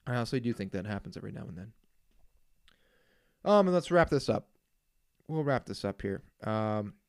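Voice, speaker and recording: A man's voice: lowish voice, gravelly, no room sound, studio quality. A young man hosting his own podcast, ranting casually and with exasperated humor, full of asides and jokes. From Kansas. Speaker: podcast host. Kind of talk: casual solo podcast rant.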